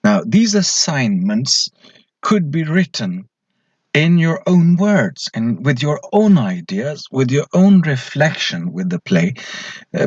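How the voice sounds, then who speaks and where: Slow, husky male lecturer. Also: mid-range voice, no echo. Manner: slow, deliberate, poses questions then answers them. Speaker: English lecturer. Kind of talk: recorded slide lecture.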